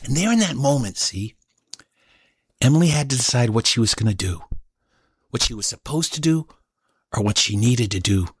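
Animated storytelling man. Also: medium pitch, normal speed, pauses often, slightly rough, dry recording, studio quality. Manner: animated, acts out every voice. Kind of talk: told story performance.

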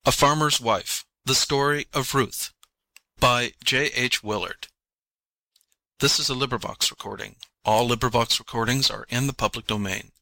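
A man reads an audiobook introduction plainly, like an announcement. His voice is gravelly and bright. The sound is dry and close. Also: medium pitch, normal speed, dry recording, rough recording. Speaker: volunteer audiobook reader. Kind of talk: audiobook reading.

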